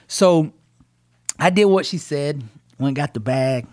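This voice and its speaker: A man's voice: on the high side, moderate pace. Man telling his own story with energy. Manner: animated storytelling, acts out quoted voices. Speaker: guest.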